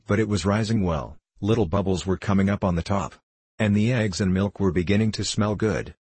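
A man narrating an audiobook in a measured, steady reading voice. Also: lowish voice, husky, dry recording.

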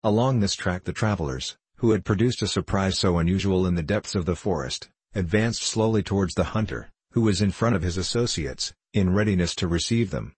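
A man narrating an audiobook in a steady, measured reading. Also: low voice, slightly rough, no echo. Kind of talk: scripted narration.

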